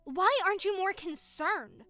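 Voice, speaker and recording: Lady doing a young sister, high bright voice, accusing and fed up, soft music behind. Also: lively intonation, measured pace, dry recording, heavily acted. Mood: indignant. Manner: accusing, indignant. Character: young woman, upset sister scolding brother.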